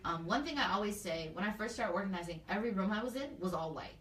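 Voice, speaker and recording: A woman's voice: mid-range voice, expressive, fast talker, fairly bright tone, recorded from a distance. A woman community organizer in a casual interview, speaking earnestly and loosely with lots of fillers. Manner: earnest, talks freely with many fillers. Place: indoor room, livestream. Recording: echoey room, off-mic.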